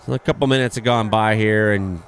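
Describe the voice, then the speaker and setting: A man's voice: fairly low pitch, a little fast. A man with a Canadian accent giving casual, sarcastic running commentary over a roadside video, swearing freely and using plenty of fillers. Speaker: host of a weather and video-review show.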